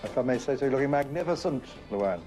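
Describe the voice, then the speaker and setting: An English presenter interviewing people on location, playful, teasing and charming. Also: male voice, medium pitch, expressive, fast, a little mellow, soft background music, poor audio. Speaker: documentary presenter.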